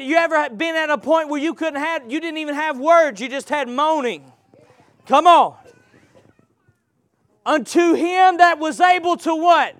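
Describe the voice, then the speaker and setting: High-voiced preacher man in an impassioned sermon. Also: no room sound. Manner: impassioned, swings from loud to hushed, asks the congregation questions. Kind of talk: live sermon with call-and-response.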